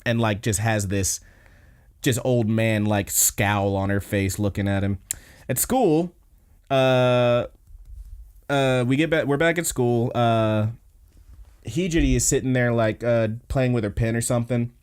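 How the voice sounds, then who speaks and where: A man's voice: fairly low pitch, steady tone, moderate pace, a little mellow. Laid-back swearing podcast guy. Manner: laid-back, swears freely, chuckles often. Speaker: podcast host. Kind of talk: casual episode recap.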